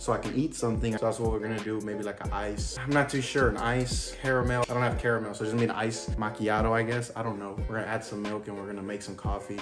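A man rambling casually through a home coffee-making vlog in his kitchen. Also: medium pitch. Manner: rambling, chatty, self-interrupting. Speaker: vlogger. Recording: echoey room with music playing.

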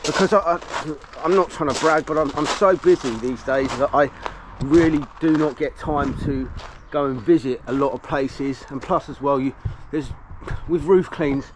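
A man's voice: a little high, normal speed, noisy background. Chatty man vlogging outdoors. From England. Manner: chatty and rambling, with many restarts. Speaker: roof cleaning business owner. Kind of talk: casual vlog narration. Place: outdoors at a house with a garden.

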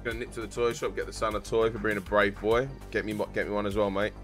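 A man's voice: lowish voice, little pitch movement, fast talker, soft background music. A young man chatting casually with his live-stream viewers while gaming, joking around and using slang. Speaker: game streamer.

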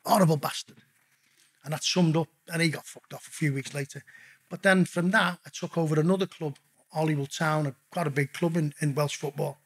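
Husky, blunt, sweary middle-aged man. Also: on the high side, fairly even intonation, brisk. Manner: blunt, swears constantly, calls the listener mate. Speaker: podcast guest. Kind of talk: casual storytelling interview.

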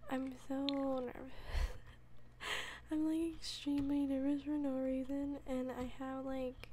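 A woman giving casual gameplay commentary, excitable, with gasping exclamations and whispered asides. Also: high-pitched, slow pace, noisy background. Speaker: let's play gamer.

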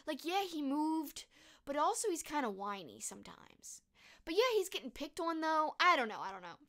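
A woman's voice: high-pitched, big pitch swings, moderate pace, pushed and bright. Chatty, gushing young woman streamer. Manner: gushing, chatty, full of fillers. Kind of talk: casual chat reading viewer comments.

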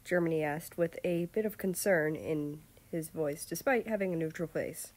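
Lady narrating fanfic, steady and lowish. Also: normal speed, hardly any pauses. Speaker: fanfiction reader. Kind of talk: reading fan fiction aloud.

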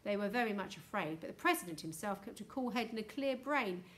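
A woman teacher reading a storybook aloud in a gentle, chatty way. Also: mid-range voice, lively intonation, fairly quick.

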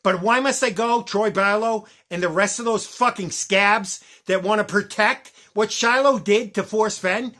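A man's voice: high-pitched, moderate pace, few pauses, bright, forceful tone. A man ranting angrily into the camera, swearing hard and tripping over his words. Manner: angry, profane, repeats words and restarts. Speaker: vlogger. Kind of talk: angry ranting vlog.

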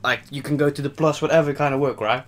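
A man's voice: mid-range voice, fairly even intonation, quick pace. Rambling young Dutch-accented man, joking. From Netherlands. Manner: rambling, joking, trails off quietly. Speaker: mukbang host. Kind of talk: casual chat while eating.

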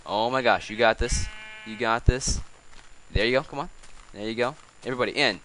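A man's voice: mid-range voice, animated, fairly quick, fairly bright tone, a little hiss or hum, low-quality recording. A man giving casual gameplay commentary, coaxing animals along with exasperated, chatty asides. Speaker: let's play host.

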